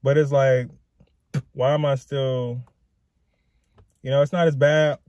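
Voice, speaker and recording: A man's voice: mid-range voice, level tone, slow, a little mellow, no echo, dull audio. Young male vlogger, raw profane rambler, dry close sound. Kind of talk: emotional personal rant to camera.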